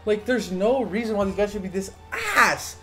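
A young man recording a gaming video rants in an agitated, swearing flow. His voice sits somewhat high for a man, and soft music plays behind him. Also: moderate pace. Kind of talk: profane live-reaction rant.

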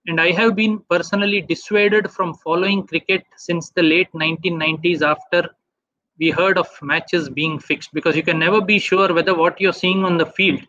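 A man giving a webinar talk, walking through slides in a measured way. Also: high voice, bright, forceful tone, dry recording. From India. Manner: measured, asks for next slide often. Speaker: webinar speaker. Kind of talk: slide presentation lecture. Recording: dull dry online audio.

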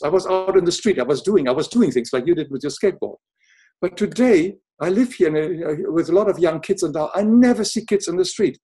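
An older man speaks with a noticeable foreign accent. He talks in a soft, earnest and reflective way. He often pauses and restarts his sentences as he thinks aloud in casual conversation. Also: on the high side, husky. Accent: noticeable non-native English accent. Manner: halting, many restarts, soft-spoken and earnest. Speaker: podcast guest.

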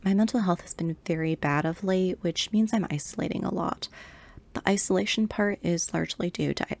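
A woman's voice: lowish voice, a little fast, vocal fry, a little mellow. A middle-aged woman talking in an earnest, explanatory way while knitting, in a casual personal video. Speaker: knitting vlogger.

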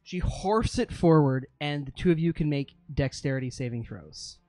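A man running a tabletop game as game master, describing a monster's attacks in a relaxed, hesitant way. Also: fairly high pitch, moderate pace, no echo, soft background music.

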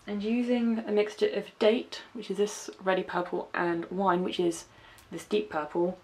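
This young makeup vlogger, originally from England's West Country, speaks with a light accent from the region in a mid-range, flat voice that's a little slow. She chats casually through her tutorial, describing every step and making jokes at her own expense.

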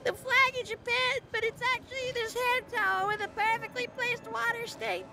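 A shrill, frantic comic figure, voiced by a woman, shrieking indignant denials. The voice is extremely high and piercing. Faint music plays under it. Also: fairly even intonation, moderate pace, gravelly, pushed and bright, full character voice. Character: shrill frantic person denying an accusation.

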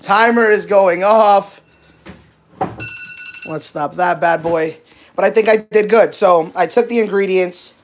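A man's voice: high voice, a little slow, pauses often, slight background noise. Upbeat man hosting a kitchen stream. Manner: excitable, joking, self-deprecating. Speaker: cooking show host. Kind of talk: casual live-stream chat. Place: home kitchen.

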